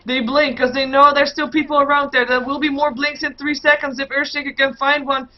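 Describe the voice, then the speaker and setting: Woman casting an esports match, excited. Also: sits high. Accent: Dutch. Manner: rapid play-by-play, excited bursts in fights, many fillers. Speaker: esports caster. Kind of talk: solo play-by-play game commentary. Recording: muffled lo-fi stream audio.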